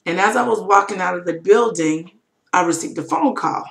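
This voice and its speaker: A woman's voice: fairly low pitch, moderate pace, vocal fry, a bit bright. A young adult woman telling a personal story on her webcam vlog, candid and emotional, with lots of fillers. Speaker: vlogger. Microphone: webcam mic.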